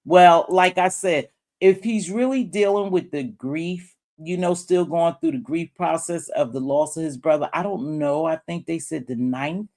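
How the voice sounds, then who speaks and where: A woman's voice: deep voice, a little slow, darkish tone. Woman streamer, loose rambling commentary, chats straight to viewers and fellow creators. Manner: rambling, talks straight to chat and other creators; calls viewers terms of endearment. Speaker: YouTube live-stream commentator. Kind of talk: casual live-stream commentary.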